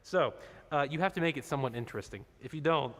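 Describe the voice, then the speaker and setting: A man's voice: on the high side, fast, a bit bright. A man directing a choir rehearsal, explaining parts and singing short demonstrations between instructions. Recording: reverberant room with instrument behind.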